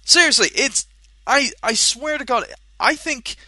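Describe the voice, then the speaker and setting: A man's voice: extremely high pitch, unhurried, bright, forceful tone, no echo. Scottish man, podcast co-host, exasperated rant, swearing, stumbling restarts, dry close sound. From Scotland. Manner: exasperated ranting with frequent swearing; restless, stumbling, self-interrupting delivery. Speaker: podcast co-host and game shop worker.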